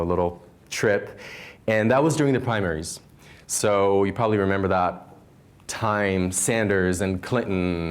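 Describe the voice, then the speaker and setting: A man, a leadership coach, giving a conversational stage talk to a live audience, gently guiding and then telling a personal story. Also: on the low side.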